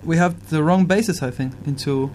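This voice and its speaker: A little hiss or hum accompanies this musician's fairly high, darkish voice as he talks fairly quickly. His reflective chat is casual yet earnest, marked by word-searching and rhetorical questions.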